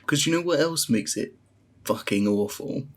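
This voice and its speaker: A man's voice: medium pitch, expressive, moderate pace. A man, bluntly ranting and swearing as he reviews a show in casual chat. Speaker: podcast co-host reviewing a show.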